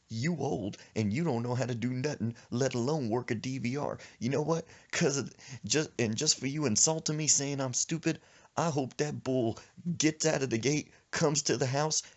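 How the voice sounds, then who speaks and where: A man's voice: mid-range voice, moderate pace, natural voice. Man doing a whiny, mouthy grandson. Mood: resentful. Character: sulky young grandson, mouthy and vengeful.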